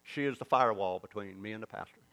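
A Southern-accented man preaches a sermon story quickly, his voice on the low side. He animatedly acts out the quoted dialogue.

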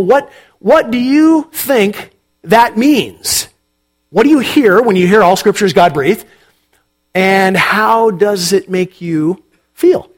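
A man preaching as a pastor, reading scripture aloud and then asking his congregation questions in an unhurried, conversational way. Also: sits high. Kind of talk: sermon.

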